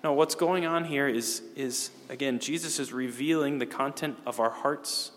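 A middle-aged priest giving a homily in a conversational way, with casual fillers and restarts. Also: male voice, mid-range voice, normal speed, a bit bright. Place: church. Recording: long church reverb.

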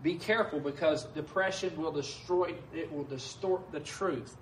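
A man's voice: on the high side, normal speed, a little hiss or hum. A male pastor preaching a sermon in a conversational way, often asking his listeners "right?". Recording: echoey room heard from a distance.

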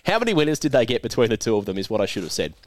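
A man's voice: medium pitch, sing-song, rapid-fire, no room sound. An Australian man hosting a podcast, teasing and laughing as he runs a quiz and chats with a guest, and feeling a bit unwell. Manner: jokey, teasing, laughs often. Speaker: podcast host. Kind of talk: casual chat and quiz hosting.

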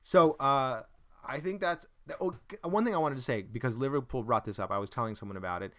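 Smooth-voiced man rambling in casual chat. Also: medium pitch, fast talker, bright, forceful tone. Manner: rambling, searches for words, self-deprecating jokes. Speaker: podcast host.

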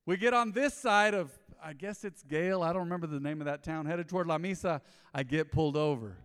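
Pastor, male, somewhat high voice, animated storyteller preaching in a big reverberant sanctuary. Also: brisk, smooth. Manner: storytelling, animated, acts out dialogue. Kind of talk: sermon. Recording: long hall reverb.

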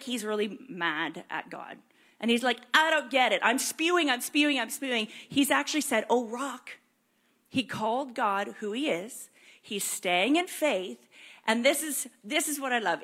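A woman preaching a sermon, animated and conversational, acting out prayers and questions to God. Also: on the high side. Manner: animated, acts out prayers and voices in quotes.

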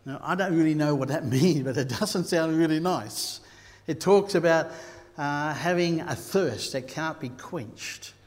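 An Australian man preaching a sermon, telling stories and rising to loud bursts. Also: on the high side, measured pace, few pauses. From Queensland, Australia. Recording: long hall reverb.

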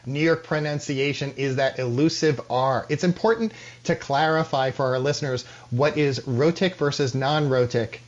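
Radio host man, dull lo-fi sound. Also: medium pitch. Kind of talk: radio interview.

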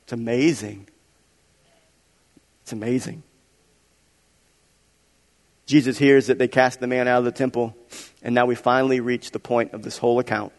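A man's voice: medium pitch, steady tone, moderate pace, long pauses, darkish tone. Man preaching a sermon, chatty, keeps asking the crowd questions, mid voice, big echo. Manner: conversational, asks rhetorical questions, reads aloud with asides. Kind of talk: sermon reading and explaining scripture. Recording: long hall reverb.

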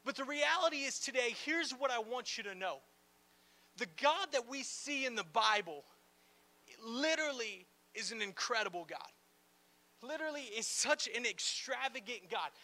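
At a church gathering in a large room, a pastor preaches in a strikingly high voice with a sharp, bright edge, speaking at normal speed. He addresses the congregation loosely and conversationally, full of playful asides and "like" fillers, and stays animated the whole time.

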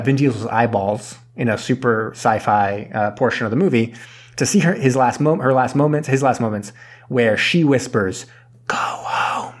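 Podcast co-host, male, mid-pitch, rambling movie recap with quick character bits. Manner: rambling, laughs often, acts out characters' lines. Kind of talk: casual movie recap chat.

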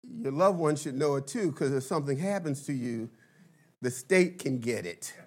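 A man in his fifties preaching a sermon, building to emphatic shouted bursts and dropping into playful asides. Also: mid-range voice, animated, moderate pace. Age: 50s. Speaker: pastor.

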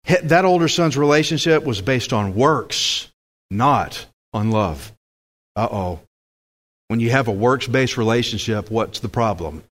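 A man's voice: medium pitch, animated, unhurried, a bit bright. A man preaching a sermon with emphatic delivery, putting questions to the congregation.

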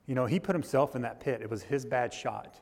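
A man preaching a sermon as pastor, telling a story in a loose, halting way with frequent restarts. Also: mid-range voice, creaky, a little mellow, big-room sound. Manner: storytelling with restarts and rising intensity. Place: church.

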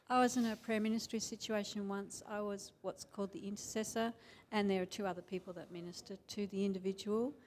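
A woman in a church group calmly recounting a personal testimony. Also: medium pitch, a little fast, slight background noise. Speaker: congregation member.

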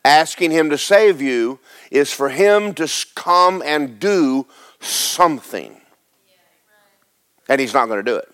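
A man's voice: a little high, lively intonation, takes it slowly, a bit bright, clean tone. A man delivers a sermon in an everyday, conversational voice. He reads scripture aloud and then explains it, asking questions and repeating words for emphasis. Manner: conversational preaching with repetitions and rhetorical questions. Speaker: preacher.

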